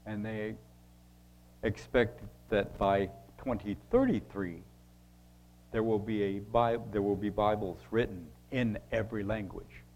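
Slow, low-voiced man teaching scripture. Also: fairly even intonation, darkish tone, soft background music. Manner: halting, with restarts, reads scripture aloud slowly. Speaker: Bible teacher. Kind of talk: sermon-style Bible teaching.

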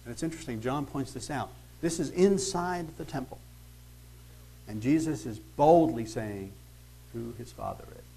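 A man's voice: mid-range voice, moderate pace, creaky, mellow, husky, low-quality recording. A man teaching through scripture verse by verse, reading passages aloud and then commenting in a conversational, emphatic way with rhetorical questions. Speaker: Bible teacher.

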